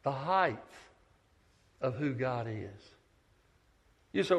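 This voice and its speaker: Animated preacher in an echoey church. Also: male voice, mid-range voice, measured pace, vocal fry, pauses often. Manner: animated storytelling, swings from loud to hushed. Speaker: pastor, visiting preacher. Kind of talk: sermon. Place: church sanctuary.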